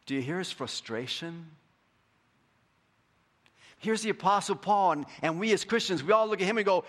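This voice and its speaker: A male pastor preaching a sermon, building to fervent emphatic peaks and then dropping soft and slow for scripture. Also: high voice.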